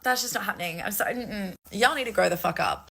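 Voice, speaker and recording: Fast, gravelly woman ranting. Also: medium pitch, a bit bright. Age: 30s. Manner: blunt, crude and exasperated. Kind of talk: comedic rant to camera.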